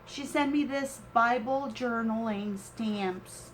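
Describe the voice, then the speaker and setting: A woman unboxing a craft swap package on her vlog, gushing and sentimental, with halting pauses and fillers. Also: fairly high pitch, a little hiss or hum, rough recording. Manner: gushing and sentimental, exclaims often. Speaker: crafting vlogger.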